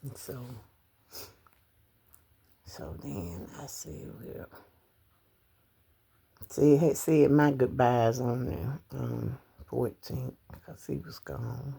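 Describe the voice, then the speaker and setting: A woman's voice: very deep voice, fairly even intonation, slow, creaky, mellow, slightly rough. A middle-aged woman telling of her husband's death in a personal vlog, crying, rambling and dropping into whispers. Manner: tearful, breaks into whispers and cries, rambling. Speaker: widow sharing her grief. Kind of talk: emotional personal story vlog.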